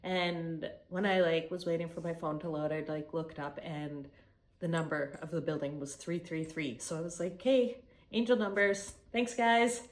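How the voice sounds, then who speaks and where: Speaking low and flat at a moderate pace, a young Canadian travel vlogger chats through a story from her trip. She curses freely and animatedly acts out what others said to her.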